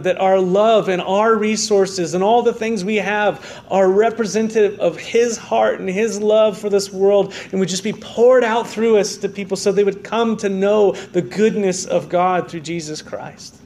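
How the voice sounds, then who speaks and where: A man's voice: sits high, fairly even intonation, unhurried, few pauses, darkish tone, a little hiss or hum. A man preaching a sermon as pastor, with an American accent, earnest and full of rhetorical questions and restarts. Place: church sanctuary.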